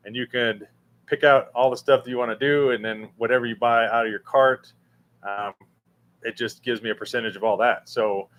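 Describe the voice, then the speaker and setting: A man's voice: medium pitch, steady tone, normal speed, a bit bright. A man hosting a casual livestream, reading chat and rambling with many fillers and restarts. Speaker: livestream host answering chat. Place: room with a fan running.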